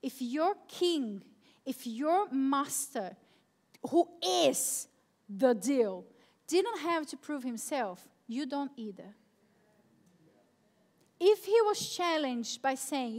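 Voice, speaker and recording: A woman's voice: high voice, very animated, slow pace, long pauses, a little mellow. A young woman youth pastor preaching a live sermon at a church service, emphatic and repeating her key phrases.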